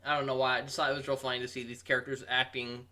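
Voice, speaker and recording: A man's voice: medium pitch, level tone, rapid-fire, sharp tone. Amused, rambling young man reviewing. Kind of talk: casual commentary.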